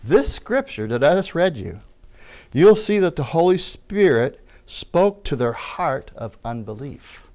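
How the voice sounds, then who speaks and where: A man's voice: fairly high pitch, big pitch swings, unhurried, a little mellow. Emphatic male preacher teaching a sermon. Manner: emphatic, repeats amen with enthusiasm; wry asides and small jokes.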